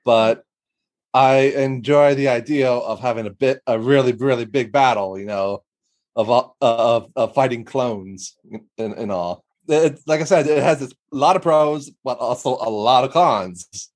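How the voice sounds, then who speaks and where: A man's voice: mid-range voice, measured pace, a little mellow. Hesitant man in casual chat. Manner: hesitant, many fillers and restarts. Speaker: guest animator.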